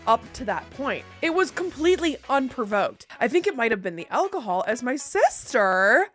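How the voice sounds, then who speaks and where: A young woman reading internet stories aloud and reacting with blunt, expressive, opinionated asides. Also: a little high, moderate pace, faint music behind. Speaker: online storyteller.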